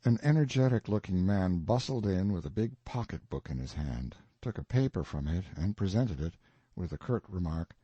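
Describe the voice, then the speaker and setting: Lively male audiobook narrator. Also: low-pitched, normal speed, dry recording. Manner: lively, expressive reading.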